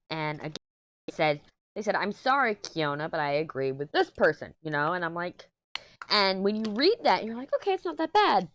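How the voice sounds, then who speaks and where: A tearful woman speaks openly to her viewers, rambling and swearing as she works through her feelings. Her voice is low and smooth, recorded dry and close with no room sound. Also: no echo. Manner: candid, emotional, swearing, rambling with restarts. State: tearful, upset. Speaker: crafting channel host. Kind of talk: casual chat to camera.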